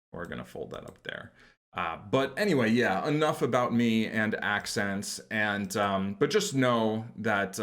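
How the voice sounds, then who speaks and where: A man from New York hosts a podcast, chatting loosely and wandering into self-deprecating asides. His voice sits a little low. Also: fairly bright tone. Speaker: podcast host. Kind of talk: casual chat.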